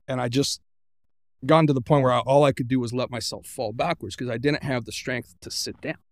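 A man's voice: mid-range voice, steady tone, a little fast, no room sound, studio quality. A man, a podcast guest, earnestly retelling a personal story and voicing his own inner thoughts.

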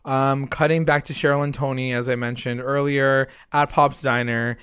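Young man, casual recap chat, easygoing, mid-pitched voice. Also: normal speed, smooth. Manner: relaxed, chatty, says y'all, swears. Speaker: podcast co-host.

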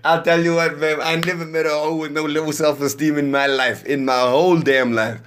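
A man's voice: a little high, flat delivery, moderate pace, a bit bright, slight background noise. A man in his twenties hosting a podcast, reacting to interview clips in a profane, exasperated casual rant and repeating himself for emphasis. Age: 20s.

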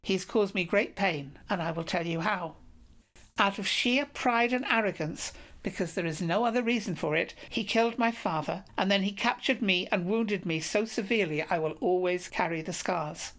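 A woman's voice: medium pitch, moderate pace, a bit bright, natural voice. A woman reading an audiobook, voicing a wounded, grateful knight who speaks formally and solemnly. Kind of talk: audiobook reading of a medieval romance.

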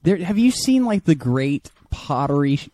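Excitable young man chatting on a podcast. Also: a little high, normal speed, no echo. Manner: excitable, storytelling with quoted voices. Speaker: podcast co-host. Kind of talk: casual podcast chat.

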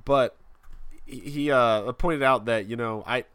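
A man hosting a casual wrestling podcast, rambling and halting with frequent restarts. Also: mid-range voice, a bit bright, smooth, no echo. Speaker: podcast host.

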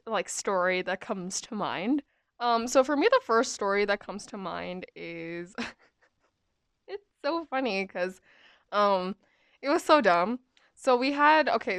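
A young woman in her twenties rambles through a casual storytime, full of fillers and asides. Her voice is clean and smooth. It sits close and dry, with no room around it. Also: medium pitch, a bit bright, dry recording. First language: English. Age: 20s. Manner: chatty, rambling, many "um" and "like" fillers.

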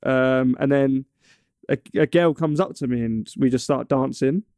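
A man's voice: mid-range voice, unhurried, darkish tone, smooth, dry recording, clean studio sound. A young man from England in casual chat, telling a long story with many stumbles and restarts. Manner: rambling, stumbles and restarts often.

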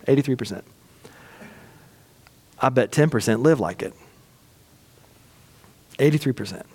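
A middle-aged man preaching a sermon as pastor, conversational and humorous, acting out little quoted exchanges. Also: fairly high pitch. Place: church sanctuary. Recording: reverberant hall sound.

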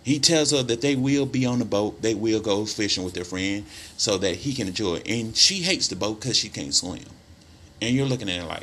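A man casually retelling a movie plot in a lively, colloquial way, with sudden loud bursts of emphasis. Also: fairly low pitch, normal speed, slight background noise. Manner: animated storytelling with sudden emphatic outbursts; colloquial, conversational phrasing. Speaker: film commentator.

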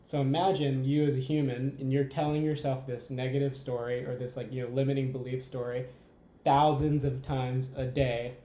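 A man's voice: medium pitch, little pitch movement, moderate pace, mellow, echoey room. A man talking casually and enthusiastically as a podcast guest, rambling and asking "right?" often. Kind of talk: casual conversation.

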